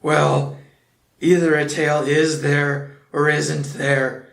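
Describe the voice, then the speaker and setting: Man doing growly slow bear, kind and simple, echoey. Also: fairly high pitch, little pitch movement, gravelly, fairly bright tone, full character voice. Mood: kindly. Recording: roomy echo.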